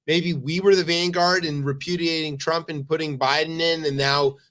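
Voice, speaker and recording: A man co-hosting a comedic news talk show, wry and deadpan with casual swearing. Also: fairly high pitch, moderate pace. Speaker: co-host.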